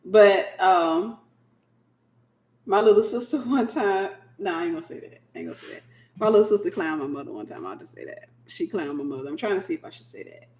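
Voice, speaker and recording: A woman minister hosting a casual late-night livestream, a sleepy, animated storyteller. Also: on the low side, a little fast, reverberant, a little hiss or hum. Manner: animated storyteller who acts out quoted voices.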